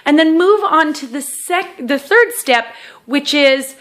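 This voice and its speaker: A woman with a somewhat high voice walks the listener through a self-help exercise. She keeps it casual and chatty, checks in with "okay?" again and again, and pokes fun at herself as she goes. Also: lively intonation, takes it slowly, fairly bright tone. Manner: self-deprecating humor.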